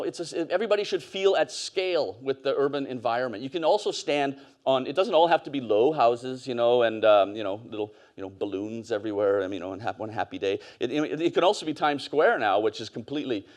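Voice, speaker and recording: A man's voice: on the high side, darkish tone. A man gives a casual, anecdote-driven conference talk on stage, full of fillers and asides. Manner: conversational, storytelling, with fillers and laughs. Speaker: conference speaker.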